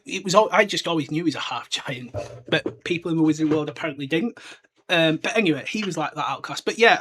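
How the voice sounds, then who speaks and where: Chatty man, slightly high voice. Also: a bit bright. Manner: rambling, chatty, with frequent restarts and side remarks. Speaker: podcast host. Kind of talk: casual chat, book discussion.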